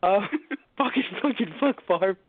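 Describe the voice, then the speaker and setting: A man co-hosting a casual podcast, talking in an animated, rambling way and swearing a lot. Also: high voice, measured pace, narrow, tinny audio. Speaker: podcast co-host.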